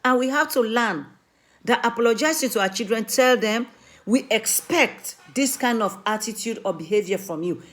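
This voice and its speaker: A woman's voice: a little high, lively intonation, moderate pace. A woman from Africa, a mother and community speaker, giving an earnest, emphatic talk that pleads with her listeners and repeats her main points.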